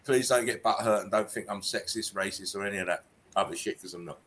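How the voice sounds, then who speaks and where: A man's voice: lowish voice, fast, fairly bright tone. A man casually reading memes and laughing constantly through them as a channel host. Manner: laughs constantly while reading jokes aloud. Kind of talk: casual meme-reading commentary. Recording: faint background noise.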